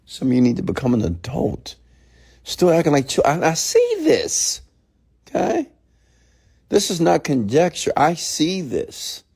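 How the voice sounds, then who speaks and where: A man's voice: on the high side, wildly swooping pitch, a little slow, vocal fry, a little mellow, slightly rough. A man hosting a late-night live stream, ranting bluntly and profanely at viewers, then answering their questions. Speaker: entrepreneur mentor host.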